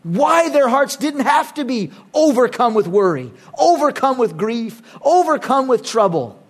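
High-voiced emphatic middle-aged pastor. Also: male voice, very animated, a little slow, slightly rough. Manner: emphatic, swings between loud urging and quiet earnest asides. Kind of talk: sermon.

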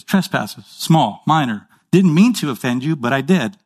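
A man's voice: mid-range voice, animated. A man preaching a sermon in a conversational way, checking in with his listeners and acting out short dialogues. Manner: acts out little dialogues in quick voices. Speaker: pastor.

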